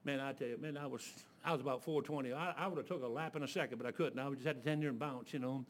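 With a medium-pitched voice that races along, this preacher tells stories from the pulpit in a homespun way. He keeps starting his sentences over, leans on filler words, and gives voice to each character he describes.

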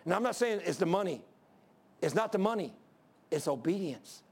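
An older pastor's high, gravelly voice carries through a church mid-sermon. Folksy and emphatic, he repeats the same point over and over, sounding very animated while keeping a moderate pace.

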